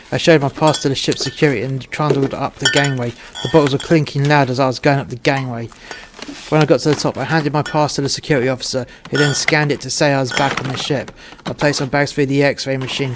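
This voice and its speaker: A man's voice: mid-range voice, noisy background. A man narrating a first-person story in a blunt, conversational way, swearing freely.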